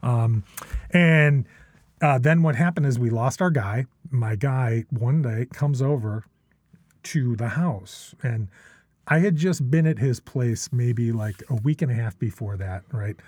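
Unhurried and darkish in tone, a middle-aged man with a medium pitch shares casual stories as a podcast guest. His talk meanders, restarts often, includes question tags, and is full of swearing, recorded with no room sound.

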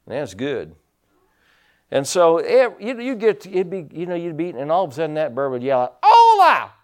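A man preaching a sermon as pastor, folksy, telling stories and swinging his loudness up and down, from the United States. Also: a little high, very animated, fairly quick. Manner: folksy storytelling preacher, rising and dropping loudness.

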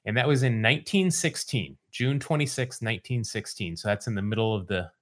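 A man hosting a podcast, relaxed storytelling with dry asides in casual chat. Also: fairly low pitch, a little fast. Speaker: podcast host.

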